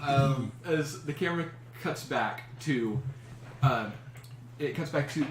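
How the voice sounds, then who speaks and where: A man narrating as dungeon master in a casual, halting way full of fillers. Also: medium pitch, lively intonation. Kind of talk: narrating a tabletop game. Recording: echoey room with background noise.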